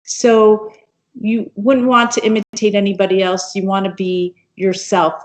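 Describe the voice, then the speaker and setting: Unhurried American woman on a call. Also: mid-range voice, flat delivery. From United States. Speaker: guest speaker. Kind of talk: video call conversation. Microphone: video call.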